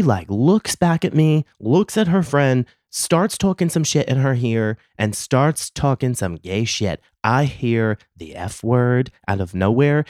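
A man's voice: medium pitch, darkish tone, no echo, clean studio sound. A man hosting a podcast, telling a confessional story in a casual, profane, self-mocking way and laughing often. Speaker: podcast host.

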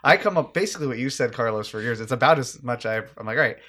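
A man chatting casually about a tabletop game, relaxed, with stammering starts and chuckles. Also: mid-range voice, fast talker. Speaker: podcast co-host and player. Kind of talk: casual chat.

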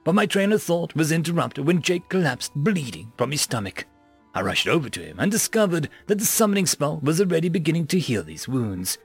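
A man narrates a first-person story in a steady, expressive way. His voice is gravelly and husky, sitting slightly high with lively pitch movement. Faint music plays underneath. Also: a little fast. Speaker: story reader.

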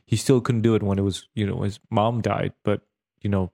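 A man's voice: on the low side, level tone, fairly quick, vocal fry, mellow. A man co-hosting a podcast, chatting casually and animatedly about a film with frequent restarts and laughs. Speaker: podcast co-host. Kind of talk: casual movie discussion.

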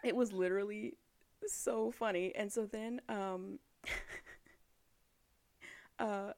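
A woman co-hosting a casual chat, retelling a story with quick quoted lines and frequent laughter. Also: mid-range voice, fairly even intonation, a little mellow. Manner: chatty, laughs often, acts out lines of characters in passing. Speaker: podcast co-host recapping a book.

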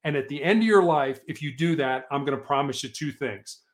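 A man's voice: fairly high pitch, a little fast. A man as an interview guest, telling a story in an earnest, motivational way. He lives in Colorado. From Colorado, USA.

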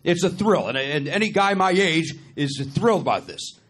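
A man's voice: a little high, animated, normal speed, fairly bright tone, a little hiss or hum. A man in his fifties hosting a live comedy podcast, jokey and sarcastic. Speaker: podcast host. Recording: live stage with audience.

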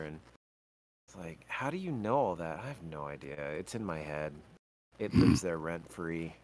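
A man's voice: deep voice, measured pace, a little hiss or hum. A man co-hosting a podcast in casual chat, rambling and restarting his sentences. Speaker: podcast co-host.

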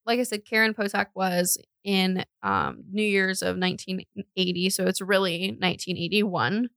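A woman's voice: medium pitch, lively intonation, normal speed, fairly bright tone, dry recording. A young woman co-hosting a podcast, telling a true-crime story in a chatty way, with lots of fillers and self-corrections. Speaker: podcast co-host.

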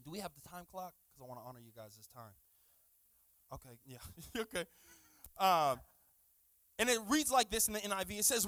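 Very high-voiced animated male preacher. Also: a little fast, long pauses, no room sound. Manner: animated, acts out dialogues, repeats words for emphasis. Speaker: guest preacher. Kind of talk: lively sermon.

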